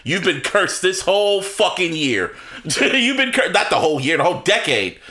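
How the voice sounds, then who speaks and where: A man co-hosting a podcast, telling sports stories in casual chat, laughing often and getting excited. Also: sits high, moderate pace. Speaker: podcast co-host.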